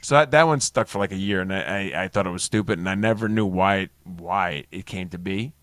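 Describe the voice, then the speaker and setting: A man's voice: sits low, a little fast, a bit bright. A man, swapping profane stories with a friend on a podcast. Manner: profane, storytelling, acts out quoted voices. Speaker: podcast co-host. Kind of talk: casual banter with a friend.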